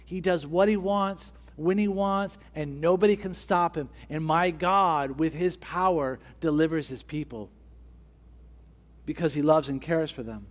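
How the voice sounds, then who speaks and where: A man's voice: on the high side, a little slow. A man preaching a sermon as pastor, driving his point home with repeated rhetorical questions and building emphasis.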